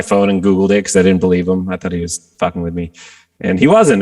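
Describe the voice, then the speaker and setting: Man, very low voice, rough fry, guest musician, animated storytelling, acts out quotes. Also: quick pace. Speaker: guest rock guitarist. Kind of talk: casual interview storytelling.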